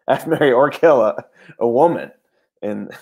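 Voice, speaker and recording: A man, an actor chatting in a loose, halting way, often stopping to search for words. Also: mid-range voice, animated, a little mellow. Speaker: actor and podcast guest. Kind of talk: casual comedic chat.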